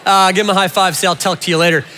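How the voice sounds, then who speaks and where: A man delivers a sermon in a large church hall, and his voice has a long, ringing reverb. It sits high and sounds bright and forceful. He is animated and playful, and he keeps turning to the congregation to speak to them directly. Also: rapid-fire, a little hiss or hum. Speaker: pastor.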